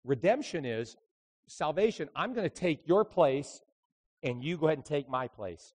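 A man, a traveling evangelist, preaching a sermon full of lively stories, dropping to quiet asides and then rising into loud, emphatic bursts. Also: on the high side, moderate pace. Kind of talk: sermon with storytelling.

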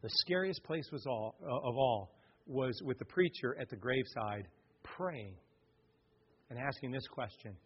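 A male pastor preaching a sermon with husky, dramatic storytelling that swings between loud bursts and hushed passages. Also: mid-range voice, a little slow. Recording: echoey hall, dull lo-fi sound.

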